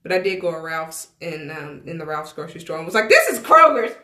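A woman from Tennessee, telling relaxed stories as a podcast co-host, often giggling. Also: low voice, fast talker, echoey room. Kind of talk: casual chat.

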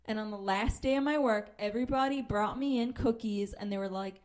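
A woman's voice: mid-range voice, brisk, hardly any pauses, a little hiss or hum. A woman comedian in her thirties from Pennsylvania, telling a story with lots of swearing and acting out the voices of the people in it. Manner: animated, acts out quoted voices, swears freely.

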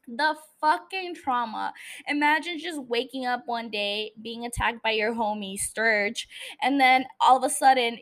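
High-voiced woman ranting with heavy swearing. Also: fairly bright tone. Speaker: podcast host. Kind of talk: casual solo podcast recap.

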